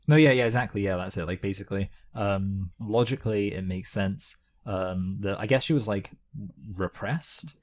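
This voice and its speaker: Deep-voiced rambling man. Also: normal speed. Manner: rambling, with many fillers and restarts. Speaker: co-host of a movie review show. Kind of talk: casual chat.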